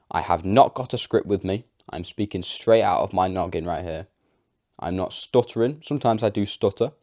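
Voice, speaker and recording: Young guy rambling a story to camera, deep voice, dead dry sound, lots of likes and you knows. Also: mellow, no room sound. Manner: chatty, filler-heavy, self-deprecating. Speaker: vlogger.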